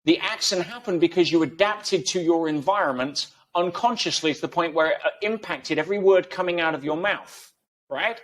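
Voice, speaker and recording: A man's voice: fairly high pitch, moderate pace, fairly bright tone. A man guest in an interview, explaining ideas emphatically through everyday analogies. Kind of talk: conversational interview.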